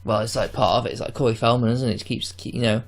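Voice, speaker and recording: A man's voice: medium pitch, fairly even intonation, quick pace, creaky. A man co-hosting a podcast film commentary, chatting loosely and trailing off mid-thought. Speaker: podcast co-host. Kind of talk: casual film commentary chat.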